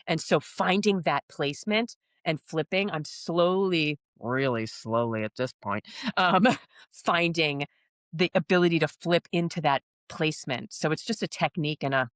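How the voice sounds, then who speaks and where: A woman actor chatting casually in an interview, animated and laughing often as she quotes herself. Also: deep voice, moderate pace, dry recording, clean studio sound. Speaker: actor in a stage musical.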